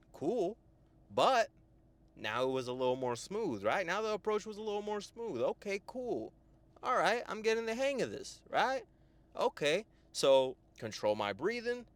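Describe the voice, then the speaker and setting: Animated young man giving a pep talk. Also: fairly high pitch, no room sound. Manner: animated, profane, full of "right?" tags. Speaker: men's life coach. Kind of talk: motivational monologue.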